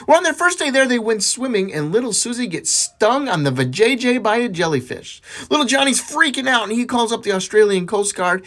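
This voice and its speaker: A man runs through a string of dirty jokes in a high voice. His pitch swings widely as he slips in and out of the characters. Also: a little fast, few pauses. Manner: animated, voices characters with big pitch jumps. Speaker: joke teller.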